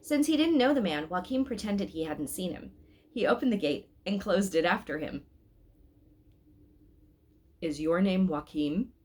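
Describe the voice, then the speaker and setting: A woman's voice: medium pitch, normal speed. A woman hosting a children's read-aloud, chatting and reading a storybook with character voices. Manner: chatty, laughs between lines, lively character voices.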